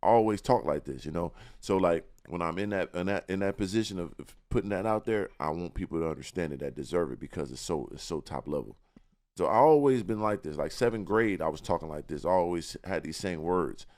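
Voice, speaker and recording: Deep voiced guy on a podcast, quick and confident, stumbles and repeats words a lot. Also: animated, a little mellow. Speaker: guest. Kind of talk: casual podcast interview.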